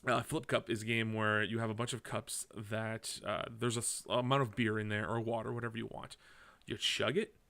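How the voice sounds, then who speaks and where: A man's voice: fairly low pitch, little pitch movement, normal speed, creaky, bright, forceful tone. A man from Canada hosting a solo podcast, drinking as he talks, rambling casually, correcting himself and swearing now and then. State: drinking while talking. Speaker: podcast host.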